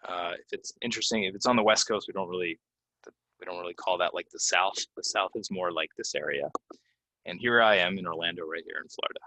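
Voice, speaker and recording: A man teaching English pronunciation, reading example sentences and then repeating key words slowly with clear stress. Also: low-pitched, bright, forceful tone, no echo. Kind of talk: pronunciation lesson. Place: Orlando, Florida.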